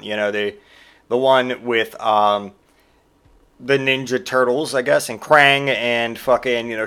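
A man's voice: mid-range voice, pushed and bright. A man in his forties hosting a podcast, delivering a sarcastic, profane comedic rant in casual monologue. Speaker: podcast host.

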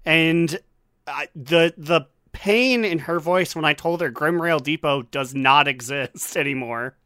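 A man's voice: fairly high pitch, unhurried, sharp tone, dry recording, clean studio sound. A man co-hosting a casual gaming podcast, rambling and playful with frequent giggles. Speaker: podcast co-host.

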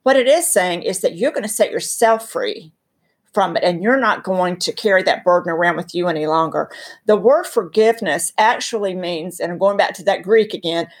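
A woman's voice: fairly low pitch, moderate pace. A woman from North Carolina with a Southern accent, a guest teaching about faith in an emphatic, storytelling, preacherly way. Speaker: guest speaker. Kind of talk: earnest faith teaching in conversation.

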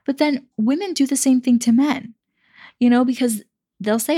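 A young adult woman, working as a dating coach, gives advice in a chatty, casual monologue, often acting out what people say and using fillers like "you know." Her voice is a little high, steady, brisk, and darkish with a breathy edge. The recording is dry and studio quality.

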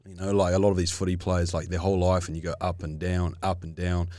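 A man's voice: deep voice, level tone, fast talker, a little mellow, no room sound. A man co-hosting, asking a long reflective question. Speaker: podcast co-host. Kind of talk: casual interview questions.

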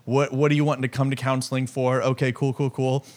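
A man's voice: mid-range voice, flat delivery, fast, a little mellow. A young man co-hosting a podcast, telling stories in a casual chat full of "like" fillers. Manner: chatty storyteller, many "like" fillers. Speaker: podcast co-host.

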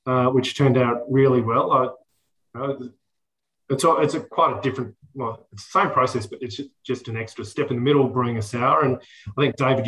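An Australian man chatting casually as a guest home brewer. He rambles and pokes fun at himself, stopping and restarting with plenty of ums. His voice sits at an ordinary middle pitch. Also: a bit bright, low-quality recording. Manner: rambling, self-deprecating, many fillers. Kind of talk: casual podcast chat.

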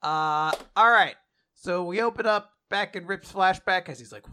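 A young man co-hosting a casual manga recap, animated, often laughing and acting out quoted lines. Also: sits high, unhurried, clean tone. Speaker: podcast co-host.

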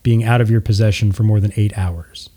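A man narrating a tabletop game as game master, relaxed, with frequent filler words. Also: on the low side, fairly quick.

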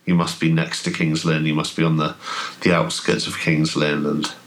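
A man narrating as game master in a tabletop horror game, talking in a halting way full of fillers. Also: rumbling low, little pitch movement.

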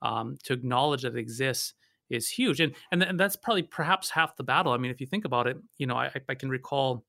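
A male pastor from North Dakota talks through a theological discussion, telling stories in an animated way with frequent restarts. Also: medium pitch, fast, vocal fry, no room sound, clean studio sound.

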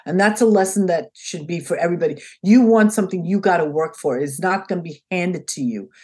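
A woman's voice: lowish voice, a little fast, breathy edge. An older woman being interviewed as a guest, telling a story in a casual way and acting out the lines of each person in it. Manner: animated, acts out quoted dialogue in changing voices.

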